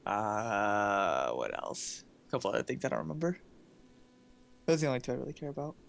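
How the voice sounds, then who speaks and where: A man's voice: mid-range voice, very animated, fairly quick, vocal fry, fairly bright tone, a little hiss or hum. A young man chatting casually with friends, teasing them and joking around. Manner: teasing, jokey banter. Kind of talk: casual chat.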